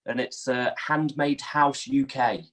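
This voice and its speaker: A man's voice: mid-range voice, steady tone, slow, a bit bright. A man with an English accent chatting on a video call, slangy and laughing easily. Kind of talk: casual video-call chat.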